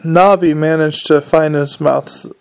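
A man narrating an audiobook in a dry, measured storytelling manner. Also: on the high side, fairly even intonation, clear, resonant tone. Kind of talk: scripted narration.

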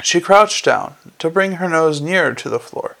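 Gravelly male audiobook narrator. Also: a little high, animated, normal speed, bright, forceful tone. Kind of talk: scripted narration.

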